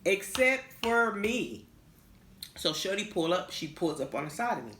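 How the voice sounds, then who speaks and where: A young woman telling a personal story to her vlog viewers, animated and swearing freely, acting out the people she quotes. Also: deep voice, fast, roomy sound, a little hiss or hum. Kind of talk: casual storytime.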